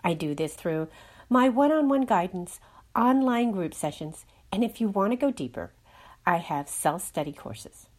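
A woman guides listeners through a meditation and an astrology talk at an unhurried pace. Her soothing voice rises and falls widely as she gives each instruction. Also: medium pitch, expressive. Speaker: inner healing guide.

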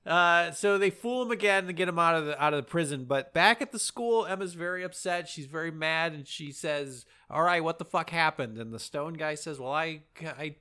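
A man's voice: a little high, fairly quick, few pauses, bright, forceful tone, clear, resonant tone. A man co-hosting a casual, profane movie recap, laughing often and acting out lines. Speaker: podcast co-host.

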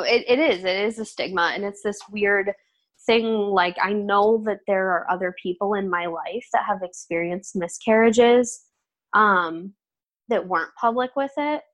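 A woman's voice: mid-range voice, measured pace, a bit bright, no room sound. Earnest young woman sharing her story. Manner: earnest, open, filler-heavy storytelling. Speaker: podcast guest. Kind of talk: candid interview conversation.

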